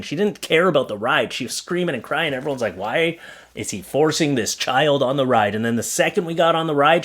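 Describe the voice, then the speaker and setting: A man's voice: a little high, a bit bright. A man in his thirties giving jokey, sarcastic commentary on bad advertising signs, talking straight to viewers. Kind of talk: comedic commentary on funny signs.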